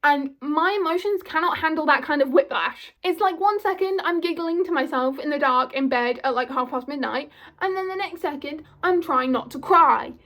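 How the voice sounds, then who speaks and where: A young woman talks straight to her viewers in an eager, rambling vlog. Her voice sits high, and she peppers every thought with "like" as she gushes. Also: moderate pace, a bit bright. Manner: gushing, filler-heavy, full of "like". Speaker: vlogger. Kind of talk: casual vlog chat.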